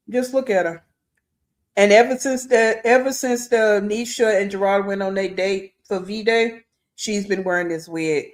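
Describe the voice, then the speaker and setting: A woman's voice: medium pitch, fairly even intonation, a little slow. A woman hosting reaction commentary, blunt and critical, talking straight to her viewers. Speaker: commentary host.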